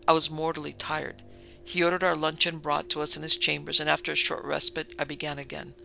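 A man narrating a gothic tale as an audiobook, in a formal, measured manner. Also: fairly high pitch, level tone, creaky, sharp tone, faint music behind, low-quality recording.

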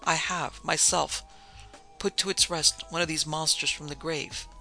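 A man voicing a grim old man who knows vampire lore, speaking in a measured way for an audiobook. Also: on the high side, fairly even intonation, vocal fry, pushed and bright, faint music behind, heavily acted. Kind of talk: audiobook reading.

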